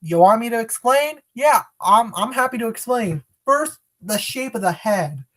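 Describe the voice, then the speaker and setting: A woman's voice: fairly high pitch, lively intonation, normal speed, fairly bright tone. Rambling woman chatting on a live stream. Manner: rambling, self-correcting, greets viewers by name. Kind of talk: casual live-stream chat.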